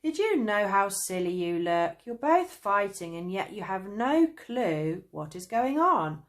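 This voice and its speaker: A woman's voice: mid-range voice, big pitch swings, unhurried. A woman doing a teasing, laughing cat. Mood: amused. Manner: mocking, laughing. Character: amused, teasing storybook cat.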